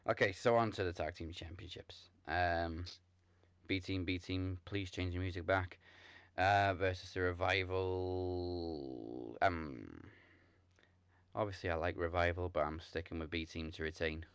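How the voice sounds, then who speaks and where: A man hosting a casual podcast chat, relaxed and rambling, laughing often. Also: low voice, moderate pace, clean tone, dry recording. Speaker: podcast host. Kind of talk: casual chat, wrestling predictions.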